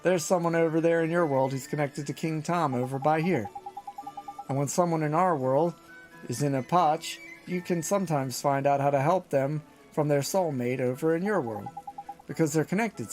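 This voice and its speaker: Chatty Welsh fairy sidekick, a man putting him on, folksy and slightly high, over faint game music. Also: normal speed, darkish tone, natural voice. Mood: exasperated. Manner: folksy, sing-song, lots of tag questions. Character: chatty small male fairy sidekick, cheeky. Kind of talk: reading game dialogue aloud.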